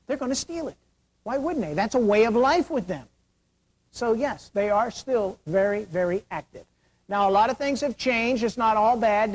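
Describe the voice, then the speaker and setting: A man's voice: high-pitched, low-quality recording. A middle-aged man giving a security briefing to an auditorium, joking and asking rhetorical questions, his voice wearing thin. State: losing his voice. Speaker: security awareness speaker. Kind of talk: lecture to an auditorium.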